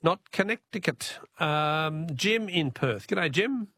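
A gravelly Australian man running a radio quiz, his voice sitting a touch high for a man. He greets callers and reads each question slowly and amiably. The sound is close and dry, with no room around it. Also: animated, sharp tone, no room sound.

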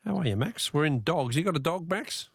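An Australian man hosting a talkback radio quiz, chatty and quick to laugh, repeating his question to callers. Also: a little high, expressive, creaky, slightly rough, dry recording, studio quality. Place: radio studio. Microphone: studio mic.

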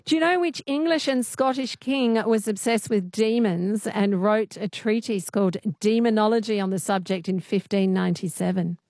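A woman's voice: medium pitch, moderate pace, few pauses, a little mellow, no echo, clean studio sound. A woman hosting a late-night radio quiz, chatty and friendly, explaining the answers at length. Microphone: studio microphone.

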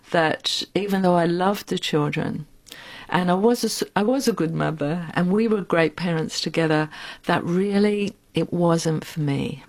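A woman in her sixties, an interview guest telling her life story in a frank, reflective and unhurried way. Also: fairly low pitch, vocal fry. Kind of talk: candid personal storytelling.

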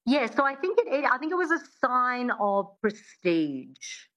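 A woman dialect coach speaking as a radio guest, enthusiastic and quick, often restarting her sentences. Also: a little high, big pitch swings, a bit bright, lo-fi sound.

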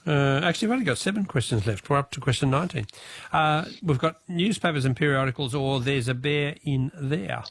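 An Australian man hosting a radio quiz, reading questions and taking callers briskly. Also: medium pitch, expressive.

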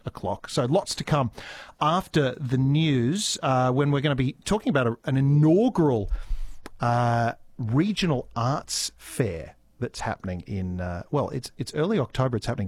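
Very animated, with a breathy edge to his darkish, mid-range voice, an Australian man hosts a regional morning radio show at normal speed. He chats loosely between links, stumbling over restarts and fillers as he reads listener texts, captured on a studio microphone in the radio studio.

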